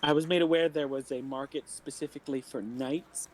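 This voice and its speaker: A man's voice: a little high, steady tone, fairly quick, a little hiss or hum. A man playing his bard character in a tabletop game, hesitant and quirky, with an oddly formal politeness. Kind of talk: in-character tabletop role-play.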